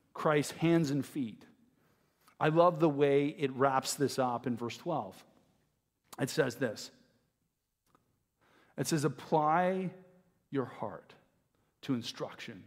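A man's voice: a little high, long reverb tail. A man in his forties preaching a sermon, earnest and reflective, with many fillers and restarts. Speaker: pastor.

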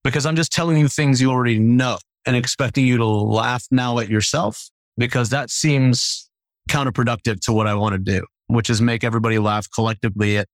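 A man who is a stand-up comedian, telling stories in a casual conversation. He talks in an animated way, laughing and acting out the voices of the people he quotes. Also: medium pitch, fairly quick, no room sound.

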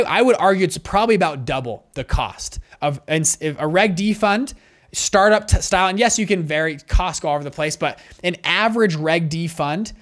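A man who manages funds gives a whiteboard lesson on raising money, talking in a brisk, conversational way with frequent restarts. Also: on the high side, fairly bright tone. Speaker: fund manager teaching investors.

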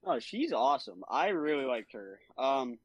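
A young man co-hosting a casual movie podcast, talking at an everyday middle pitch. He gets animated, laughs a lot and acts out quotes, and his voice sits close and dry on the mic. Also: normal speed, slightly rough, no echo, poor audio. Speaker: podcast co-host.

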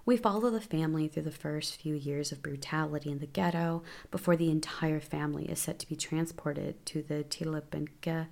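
Low gravelly woman recapping films. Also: fairly even intonation, normal speed, hardly any pauses, darkish tone. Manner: chatty and offhand, with asides and self-corrections. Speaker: film recap host. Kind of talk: casual spoken film recap.

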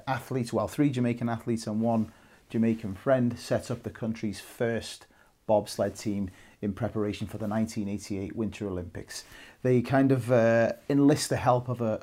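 A man's voice: mid-range voice, fairly even intonation, moderate pace, mellow. A Welsh man in his thirties co-hosting a casual film podcast, chatty and rambling, laughing often. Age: 30s. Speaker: podcast co-host.

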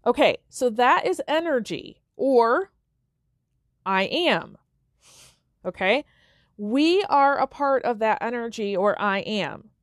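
A woman's voice: on the high side, lively intonation, slow, long pauses, no echo, studio quality. A woman hosting a self-help podcast, talking casually and checking in with listeners with frequent "okay?" and "right?". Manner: conversational, with everyday examples. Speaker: podcast host.

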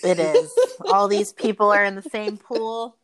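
A woman's voice: medium pitch, steady tone, measured pace. A woman in her thirties co-hosting a podcast, making blunt, wry remarks and laughing often. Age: 30s. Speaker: podcast co-host. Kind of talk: candid casual chat.

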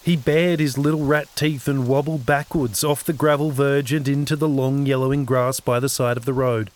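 A man narrating his own novel-length audio story in a steady, scripted reading. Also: mid-range voice, moderate pace. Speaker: narrator and author.

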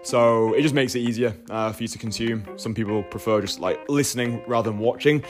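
A male podcast host talks in a rambling, laddish way and swears freely. His voice sits at an ordinary pitch, and faint music plays underneath. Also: steady tone, brisk. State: slightly out of breath. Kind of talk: casual monologue and chat.

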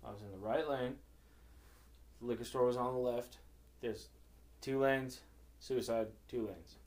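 A man's voice: medium pitch, unhurried, a little mellow. A young man telling crude driving stories in a casual podcast chat, swearing freely and acting out quotes. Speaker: podcast co-host. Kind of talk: casual storytelling.

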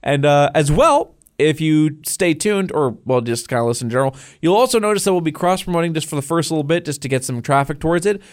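A man's voice: a little high, lively intonation, fast talker, few pauses. A young man co-hosting a podcast in casual, rambling chat, laughing often. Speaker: podcast co-host.

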